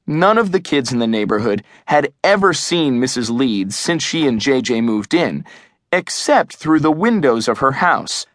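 A man narrating an audiobook in a measured, expressive storytelling manner, close to the mic. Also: mid-range voice, no room sound. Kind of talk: scripted narration. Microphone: close studio mic.

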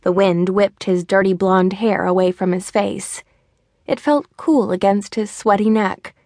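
A woman narrating a mystery novel with an even storytelling delivery. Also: medium pitch, a little slow, no room sound, clean studio sound. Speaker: audiobook narrator. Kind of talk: scripted narration.

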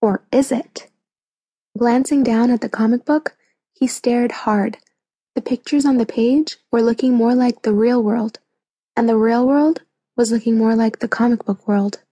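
A woman narrating a children's audiobook in a clear, even storytelling manner on a close mic. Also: fairly high pitch, moderate pace, dry recording.

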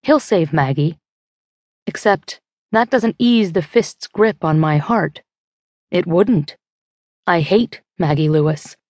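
Low, dry-voiced woman narrating. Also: darkish tone, dry recording. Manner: tense, measured storytelling. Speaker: audiobook narrator. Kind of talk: first-person scripted narration. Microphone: close studio mic.

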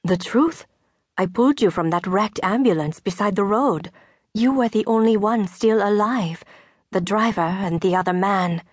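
A woman's voice: medium pitch, normal speed, no echo, clean studio sound, close to an everyday voice. A woman voicing a direct, earnest French farm widow under forty in an audiobook.

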